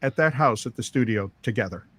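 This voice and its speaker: A man's voice: mid-range voice, expressive, brisk. A middle-aged man, a record producer, telling long rambling studio stories full of quoted dialogue. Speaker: record producer, interview guest. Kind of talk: storytelling interview.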